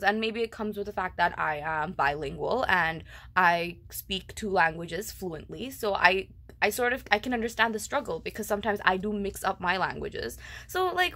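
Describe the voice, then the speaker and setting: Young woman venting to camera, first language Tamil; fast, fed-up, chatty rant. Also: mid-range voice. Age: young adult. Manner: animated, exasperated ranting with frequent "like" and "okay". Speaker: vlogger. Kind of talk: casual ranting vlog.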